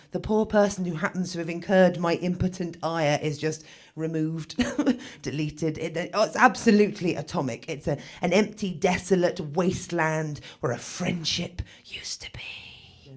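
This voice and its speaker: Lady doing standup, dry dark jokes, thirties, gets loud out of nowhere then drops right back. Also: fairly low pitch. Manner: wry, dark, self-mocking storytelling with sudden loud bursts. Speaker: stand-up comedian. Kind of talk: stand-up comedy set.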